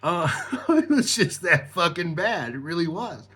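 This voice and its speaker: Middle-aged male storyteller, slightly high voice, casual, foul-mouthed, rambling. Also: big pitch swings, unhurried, bright, forceful tone, breathy edge. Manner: profane, rambling, laughs mid-story.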